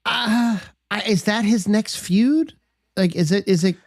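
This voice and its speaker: A man's voice: high-pitched, a little slow, no echo, clean studio sound. A man co-hosting a podcast, chatting easily about games and wrestling, thinking aloud with restarts. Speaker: podcast co-host. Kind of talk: casual wrestling chat.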